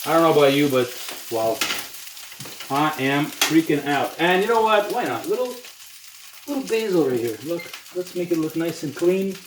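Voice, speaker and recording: A chatty man talks to the camera as he cooks, his fairly high voice a little way off the mic. The kitchen sounds roomy and echoey, with a pan sizzling loudly behind him. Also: sing-song, a little fast, recorded from a distance, background noise. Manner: chatty, talks to the viewer with lots of "you know". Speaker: home cook vlogger. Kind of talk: casual cooking video talk. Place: home kitchen. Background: food sizzling in a pan.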